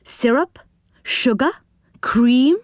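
A woman's voice: high voice, drawn-out words, no echo, studio quality, pitched above the performer's own voice. A woman voicing a kindly, round-faced male magical creature who lives in a treehouse, eager and friendly. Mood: hospitable.

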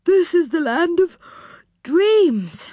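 A woman voicing a drowsy, kindly little man in a storybook, drawn-out and sleepy. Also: very high voice, very animated, mellow, no room sound, clean studio sound, pitched above the performer's own voice, heavily acted.

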